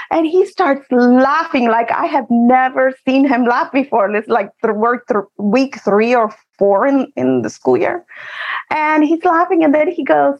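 Animated woman telling a childhood story. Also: high-pitched, a little slow, highs cut off. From Eagle Pass, Texas. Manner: animated, laughs often while telling stories. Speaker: author and guest. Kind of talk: casual storytelling.

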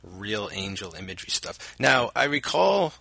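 A man's voice: lowish voice, big pitch swings, normal speed, gravelly, bright, forceful tone, no echo. A man co-hosting a podcast, musing casually about a movie with many fillers and trailing thoughts. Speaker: podcast co-host. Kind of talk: casual movie commentary chat.

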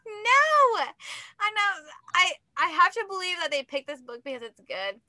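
A woman's voice: very high voice, sing-song, a little slow, sharp tone, dry recording. A young adult woman co-hosting a book podcast, talking in a rambling, giggly, self-mocking way. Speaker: podcast co-host. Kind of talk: casual chat.

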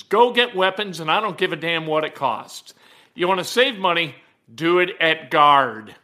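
A man's voice: fairly high pitch, expressive, normal speed, bright, forceful tone. A man hosting a sports talk show, giving blunt, emphatic opinions and rattling off player stats. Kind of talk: opinionated sports commentary monologue.

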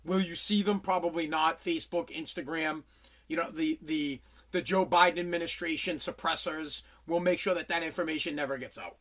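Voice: mid-range voice, steady tone, brisk, a bit bright. Fuming, foul-mouthed podcast host ranting. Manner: profane, heated, repeats phrases for emphasis; stammers and restarts when worked up. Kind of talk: angry political rant.

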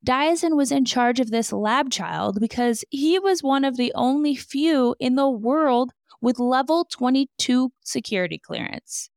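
A woman with a slightly high, gravelly voice tells a true crime story, dropping sarcastic, disbelieving asides along the way. The sound is dry and close, with no room around it. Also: expressive, unhurried, few pauses, a little mellow, no echo. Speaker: true crime podcast host.

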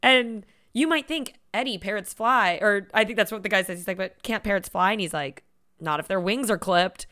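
A woman in casual conversation, retelling comedy sketches with quick acted quotes and frequent laughter. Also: medium pitch, lively intonation, pushed and bright. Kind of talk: casual chat.

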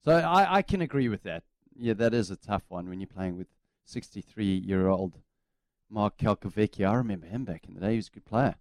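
A man's voice: fairly low pitch, expressive, a little fast, a little mellow, dry recording, studio quality. A man co-hosting sports radio, easygoing and laughing along in casual banter. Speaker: radio co-host. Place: radio studio.

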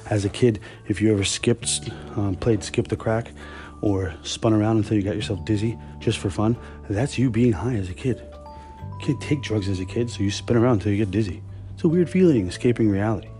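A man's voice: fairly low pitch, fairly even intonation, moderate pace, dark tone, faint music behind. A man hosting a podcast, telling stories in a casual, blunt and profane monologue. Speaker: podcast host.

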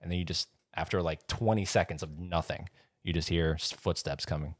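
A man's voice: low-pitched, brisk, no room sound, clean studio sound. A man in casual chat, rambling as he retells a scene and acts out voices. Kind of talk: casual chat about horror movies.

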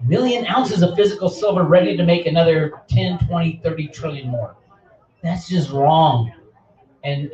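A man's voice: on the high side, a little mellow. Fiery ranting man, roomy and distant. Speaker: online channel host. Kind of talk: impassioned speech. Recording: roomy, distant, dull lo-fi sound.

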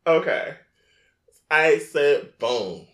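Guy from the new york area telling a christmas story on a podcast, super lively and bright, laughs a lot, roomy echo. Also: drawn-out words. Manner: animated, laughing, slips into high shrieky impressions. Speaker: podcast co-host. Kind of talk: casual storytelling chat.

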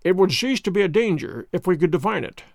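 A man reading the part of a grave, brilliant detective in a storybook, measured and authoritative. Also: high-pitched, animated, vocal fry, no room sound, studio quality.

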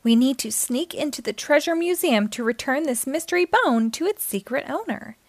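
A jumpy cartoon boy spy , played by a woman reader who is quick to panic, his voice swinging up and down. He talks high and animated over a dry, close sound. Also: no room sound. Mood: excitable. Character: excitable young male cartoon spy leader. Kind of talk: children's read-aloud.

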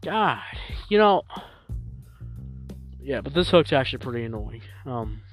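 A man hosting a solo music review podcast, talking casually and rambling with lots of fillers and repeats, getting loud and animated at times. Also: medium pitch, a little slow, pauses often. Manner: animated, jumps up loud when promoting.

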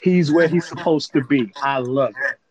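A man's voice: mid-range voice, normal speed. A man co-hosting a podcast in casual chat, speaking bluntly and in slang and often backing up his partner. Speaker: podcast co-host. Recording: dull lo-fi sound.

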